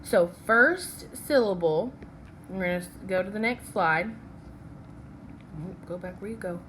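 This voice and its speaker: A woman's voice: mid-range voice, measured pace, background noise. A woman teaching a phonics lesson from slides. She is patient and checks in with "okay?" after each step.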